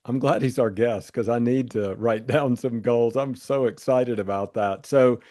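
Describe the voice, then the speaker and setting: A man's voice: mid-range voice, measured pace, warm tone. A man with a Southern American accent hosting a podcast interview, speaking with enthusiasm. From Southern United States. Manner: enthusiastic, upbeat. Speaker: podcast host.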